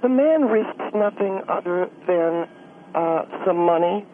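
A man's voice: sits high, lively intonation, takes it slowly, voice pushed up. A man voicing a prim, condescending middle-aged woman candidate, a guest on a radio show. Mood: lecturing. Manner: prissy, condescending, fussy. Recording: tinny phone-line sound, faint hiss.

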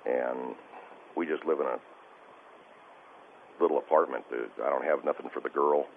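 A male caller on a radio show, talking in a halting, stammering and distressed way over the phone. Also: extremely low pitch, fairly even intonation, creaky. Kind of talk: call-in radio conversation. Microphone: telephone. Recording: tinny phone line with faint hiss.

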